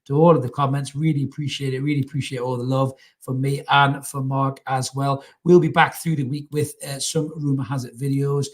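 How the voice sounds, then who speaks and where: A man's voice: medium pitch, flat delivery, a little fast, hardly any pauses. A young man hosting a casual football chat show alone, blunt and sweary, full of laddish banter. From North East England. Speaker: podcast host.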